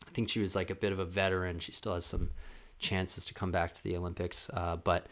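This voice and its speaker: A man with a lowish voice rants alone on his comedy podcast. He talks in a loose, profane, rambling way and jumps from point to point. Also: flat delivery, a little fast, a bit bright. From Canada. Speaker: podcast host. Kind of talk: comedic solo podcast rant.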